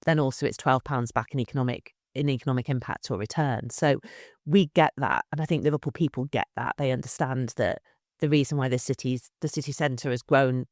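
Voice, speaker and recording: A woman director of culture being interviewed, talking in a lively way and often repeating words as she restarts her sentences. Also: extremely low pitch, a little fast, dry recording, studio quality. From England. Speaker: city culture director, guest. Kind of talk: conversational interview.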